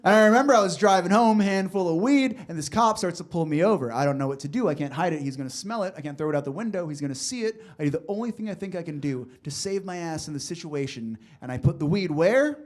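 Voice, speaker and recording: A man's voice: a little high, animated, fast talker, few pauses. A man performing a stand-up comedy set on a club stage, chatty and loose, often laughing and talking to the crowd. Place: comedy club stage before a live audience.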